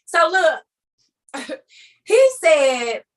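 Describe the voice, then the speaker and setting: Animated high-voiced woman preaching. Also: very slow. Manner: dramatic storyteller who acts out scenes and laughs often; emphatic and repetitive, addressing listeners directly. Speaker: speaker leading an online group meeting. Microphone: video call.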